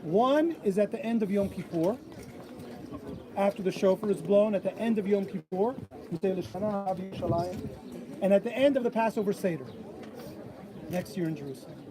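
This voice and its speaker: Outdoors at an old stone wall, a high-pitched man preaches at a bat mitzvah, speaking a little fast but with long pauses. He tells stories with animation, voicing each person he quotes, while crowd noise fills the outdoor recording.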